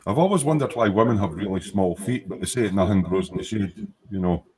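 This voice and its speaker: Low-voiced joking Scottish man. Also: a little fast, a little mellow, slightly rough. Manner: joking, swears often, drifts into muttering. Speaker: host of a live model-making stream. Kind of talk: casual late-night chat while building a kit. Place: at a hobby workbench.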